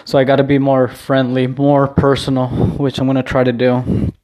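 A man's voice: mid-range voice, monotone, normal speed, a little mellow. A man vlogging from home in a casual, rambling chat, full of restarts and easy swearing. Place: at home, indoors.

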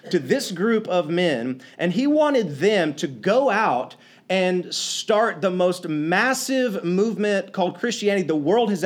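A man preaching a conversational sermon, retelling a story with restarts and acting out the characters' lines. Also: high voice. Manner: animated, acts out quoted lines, many restarts.

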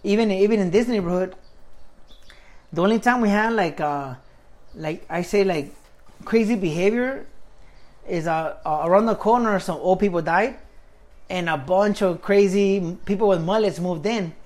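A man's voice: high-pitched, normal speed, pauses often, darkish tone. A man chatting casually, laid-back, with lots of fillers like "you know" and frequent laughter. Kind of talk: casual chat.

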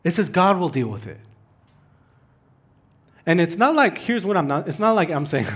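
A man preaching a sermon, who swings from loud, urgent pleading to quiet, hushed asides. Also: on the high side, big pitch swings, moderate pace, husky. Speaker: pastor.

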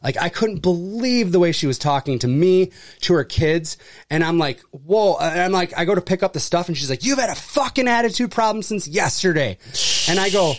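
A man telling a story in casual chat, acting out the people in it with jumps in voice and plenty of swearing. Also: brisk. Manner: animated, acts out quoted people with pitch jumps, swears freely. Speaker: furniture delivery and service worker.

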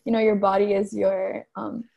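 A woman's voice: mid-range voice, little pitch movement, normal speed, creaky, dark tone, dull audio. A young adult woman, an actor, chatting casually on a podcast with lots of fillers. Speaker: actor, guest.

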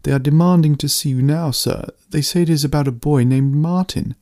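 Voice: mid-range voice, brisk, warm tone, no room sound, studio quality, pitched above the performer's own voice, close to an everyday voice. A man reading a storybook, voicing a formal servant announcing visitors urgently.

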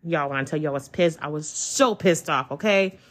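A woman, hosting a podcast from home and telling a personal story in a chatty, excitable way. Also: low-pitched, fairly quick. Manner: chatty, excitable, addresses listeners as y'all. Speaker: podcast host. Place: at home, child in the room.

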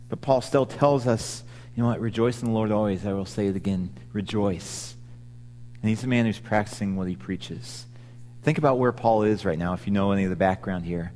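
A man's voice: mid-range voice, in a large hall. A man preaching a sermon in a conversational way, with frequent restarts and asides. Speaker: pastor.

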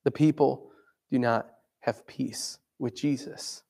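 A man's voice: medium pitch, fairly even intonation, slow pace, creaky, a little mellow. A man preaching a sermon in a conversational way, asking his listeners questions.

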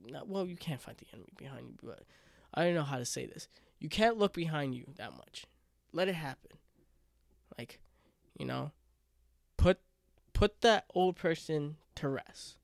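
A man's voice: medium pitch, gravelly, dry recording, clean studio sound. Earnest young man on a solo podcast. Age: 20s. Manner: earnest and emotional, choking up at times; rambling, with many fillers and restarts. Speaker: podcast host.

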